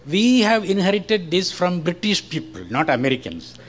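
Older indian guy w malayalam accent, slightly high voice, slow careful church talk, faint hum behind. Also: big pitch swings. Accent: Indian, Malayalam-influenced. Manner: slow, careful, friendly with short laughs. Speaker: guest speaker giving testimony.

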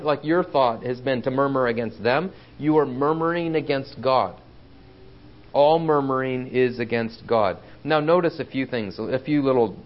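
A man's voice: mid-range voice, lo-fi sound. A man teaching through a Bible passage in a sermon, earnest and often checking with his listeners. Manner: earnest, asks the room for agreement with frequent "right?". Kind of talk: expository sermon.

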